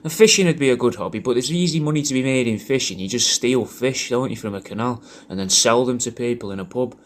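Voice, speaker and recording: A man rambles through a casual video message, swearing freely and restarting his sentences. His voice sits at a middling pitch. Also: quick pace. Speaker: comedian recording a personalised video message.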